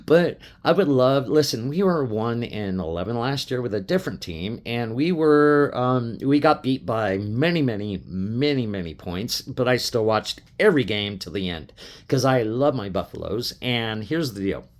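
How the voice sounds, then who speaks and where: With a medium-pitched voice, lively intonation, and a moderate pace, a middle-aged sports fan from Colorado rants emotionally to the camera. It's impassioned and full of swearing, repetition, and restarts, and at times he gets choked up.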